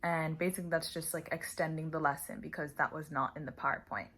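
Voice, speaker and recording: A young woman casually explaining online teaching tips, acting out slow, clear classroom phrases. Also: deep voice, fairly even intonation, a bit bright. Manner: chatty, demonstrates teacher phrases slowly and clearly. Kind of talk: casual tutorial vlog.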